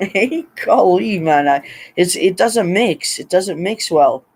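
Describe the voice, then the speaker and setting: A man's voice: high-pitched, expressive, takes it slowly, husky. A man, rambling through a personal story and laughing often between remarks. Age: 50s. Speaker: vlogger.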